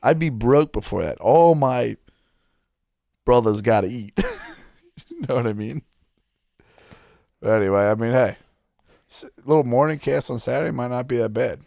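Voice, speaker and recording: A man's voice: mid-range voice, animated, moderate pace, creaky, pauses often, dark tone, no echo. A man hosting a podcast in casual banter, swearing a lot and joking boastfully, in a studio. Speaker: podcast host.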